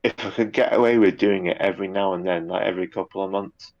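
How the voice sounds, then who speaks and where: A man's voice: deep voice, steady tone, fast, gravelly, a little mellow, highs cut off. A man chatting casually in an interview, rambling a little with repeated words and fillers. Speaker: guest, YouTube narrator.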